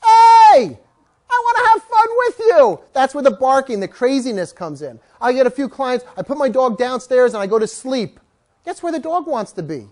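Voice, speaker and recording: Animated man teaching a dog class. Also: very high-pitched, fairly quick. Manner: animated storytelling, jokes with the audience. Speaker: dog trainer. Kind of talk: lively class talk to a live audience.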